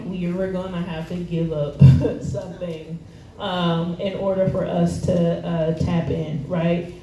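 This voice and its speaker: A woman's voice: on the low side, mellow. A woman giving a casual, conversational sermon in slangy everyday speech, with lots of fillers and easy laughter. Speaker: speaker at a church service. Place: church hall. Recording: echoey room, voice far from the mic, faint noise.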